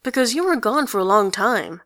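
A woman's voice: on the high side, animated, moderate pace, fairly bright tone, voice pushed up. A woman voicing a nervous, awkward teenage boy who speaks hesitantly and politely in a storybook reading.

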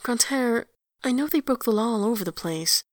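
Woman doing a fierce sharp-tongued young woman. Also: a little high, expressive, moderate pace, no room sound, studio quality, voice pushed up, close to an everyday voice. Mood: bitter. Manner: sharp, clipped, through the teeth.

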